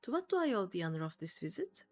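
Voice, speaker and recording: A pompous expedition leader with formal, stilted phrasing, as a woman reads his lines aloud. The reading swings up and down in a lively way, with faint game music underneath. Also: fairly low pitch, fast talker.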